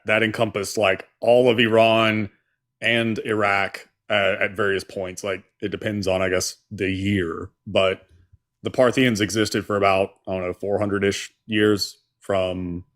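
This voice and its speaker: Give me a man with a fairly low voice as a co-host on a live stream. He trades sarcastic jabs and then drifts into a casual, rambling history explanation. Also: fairly bright tone. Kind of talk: casual commentary.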